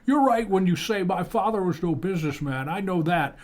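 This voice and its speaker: A man's voice: high voice, expressive, fairly quick, voice pushed up. A podcast host putting on the voice of an earnest, defiant young man who keeps stammering and restarting, in a comic dramatic reading. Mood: indignant. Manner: stammers and restarts, pleading and indignant. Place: podcast studio.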